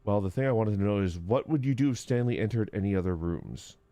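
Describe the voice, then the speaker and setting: A streamer chatting casually on a live stream while gaming, with loud groaning outbursts and halting reading aloud. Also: sits low, animated, no room sound.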